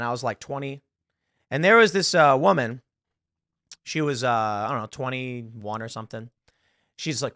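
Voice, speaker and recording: Animated man with a bright voice. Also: a little high, no room sound, clean studio sound. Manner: animated, rambling storyteller. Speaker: podcast host. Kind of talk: casual commentary.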